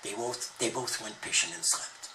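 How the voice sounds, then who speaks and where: A man's voice: lowish voice, normal speed, bright, forceful tone, far from the mic, slight background noise, low-quality recording. A man retelling an ancient story as a monologue, with playful wordplay. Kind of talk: retold scripture as a spoken monologue.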